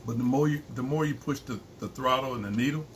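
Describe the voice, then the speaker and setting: A man's voice: mid-range voice, fast talker. A man, co-hosting a casual live-stream chat, rambling and restarting. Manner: relaxed, rambling, frequent restarts and laughs. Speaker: co-host. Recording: faint background noise.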